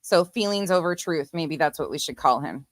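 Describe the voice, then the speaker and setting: A woman's voice: deep voice, lively intonation, moderate pace, no room sound. A woman commentator reacting to clips in a blunt, sarcastic, profane way. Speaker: commentary streamer. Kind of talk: casual commentary.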